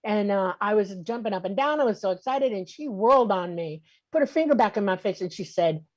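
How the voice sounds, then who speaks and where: A woman's voice: mid-range voice, lively intonation, fairly quick, few pauses, no echo, dull audio. A woman in her sixties, a guest vividly telling her own encounter story in casual interview talk.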